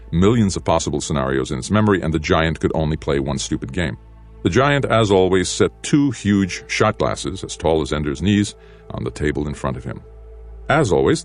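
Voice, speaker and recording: A man narrating an audiobook in a measured, steady storytelling manner. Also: deep voice.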